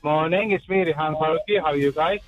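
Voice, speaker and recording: A man's voice: fairly high pitch, quick pace, faint music behind. A male caller on a crackly phone line, sounding cheerful and upbeat.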